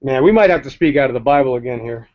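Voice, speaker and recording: A man's voice: mid-range voice, lively intonation, fast, no room sound. Ranting man with a dull lo-fi sound. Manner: ranting, blunt and heated. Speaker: co-host. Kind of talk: casual opinionated chat.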